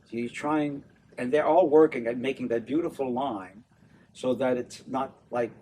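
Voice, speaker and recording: An older man from New Orleans chats about his work in an animated voice that keeps breaking into laughs. He sits a little back from the mic. Faint room noise hums behind him. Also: mid-range voice, moderate pace, far from the mic. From New Orleans, USA. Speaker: opera tenor and stage director, interview guest. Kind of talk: casual interview chat.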